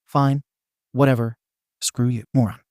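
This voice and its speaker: A man's voice: mid-range voice, steady tone, unhurried, a little mellow, no echo, studio quality, lightly acted. A man voicing a hot-tempered, foul-mouthed teenage boy who snaps exasperated insults. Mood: irritated.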